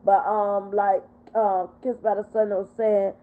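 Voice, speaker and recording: Older woman hosting a livestream, upset and tearful, voice at a mid pitch, lo-fi phone sound. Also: flat delivery, measured pace. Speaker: livestream host. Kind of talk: emotional livestream talk reading viewer comments. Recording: tinny phone-quality audio.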